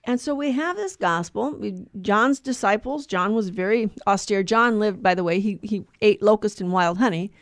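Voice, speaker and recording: A woman's voice: medium pitch, moderate pace, hardly any pauses, no echo, clean studio sound. A woman co-hosting a podcast, explaining a gospel reading in casual chat, digressing and correcting herself as she goes. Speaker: podcast co-host teaching scripture.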